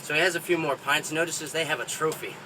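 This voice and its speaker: A man's voice: a little high, fast, distant mic. Man telling bar jokes, noisy outdoors. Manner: folksy, chuckles at own jokes. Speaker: stand-up comedian. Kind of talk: stand-up joke telling.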